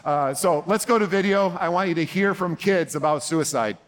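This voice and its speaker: A man speaking to a conference audience as a therapist, conversational and gentle, acting out short dialogues in quoted lines. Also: sits high, moderate pace, a little hiss or hum. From United States. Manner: gentle, reassuring when voicing the counselor. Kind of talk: conference talk.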